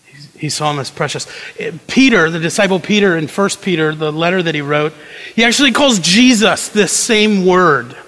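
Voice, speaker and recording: A man's voice: sits high, expressive, normal speed, fairly bright tone, big-room sound, low-quality recording. A man preaching a sermon in a conversational way, acting out quoted prayers and tossing asides to the congregation. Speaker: pastor.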